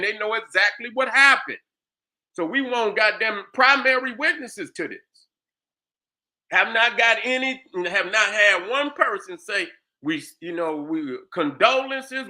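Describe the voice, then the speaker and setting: A man's voice: very high voice, sharp tone. A man hosting a heated commentary rant, angry and profane, firing off rhetorical questions. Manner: repeats "you understand what I'm saying". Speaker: host commentator.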